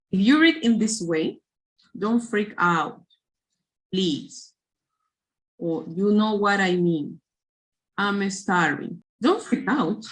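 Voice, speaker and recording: Woman teaching english, spanish native, slow patient explaining, fairly low voice, repeats "okay". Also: poor audio. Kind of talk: classroom instructions.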